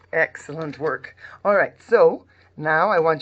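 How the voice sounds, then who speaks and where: A woman's voice: low voice, lively intonation, takes it slowly, muffled recording. A woman teaching a phonics lesson to young children, modelling sounds in a sing-song, exaggerated way. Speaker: primary school teacher.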